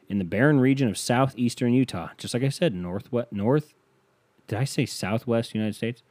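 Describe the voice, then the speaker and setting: A man's voice: medium pitch, animated, brisk, darkish tone, no room sound. A man hosting a podcast, chatting sarcastically about the news and swearing casually, then doing a playful sponsor read. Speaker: podcast host.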